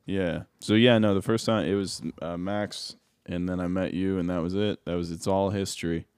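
A young man with a very low voice co-hosts a podcast, chatting in an easygoing, teasing way. The sound is dry and close, with little room in it. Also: fairly even intonation, normal speed, a little mellow, clean tone, no echo. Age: young adult. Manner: easygoing, laughs along, teasing. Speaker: podcast co-host. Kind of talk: casual chat.

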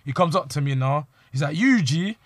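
A man's voice: on the high side, lively intonation, normal speed, no echo, studio quality. A young man, animatedly telling a street story to friends and acting out the quotes. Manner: slangy, acts out quoted lines.

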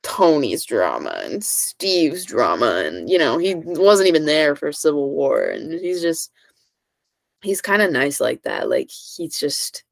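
A woman's voice: sits low, big pitch swings, slow pace, creaky, no echo. A woman co-hosting a podcast, from California, chatting casually and filling her talk with "like.". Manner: chatty, heavy use of "like". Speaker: podcast co-host. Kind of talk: casual chat.

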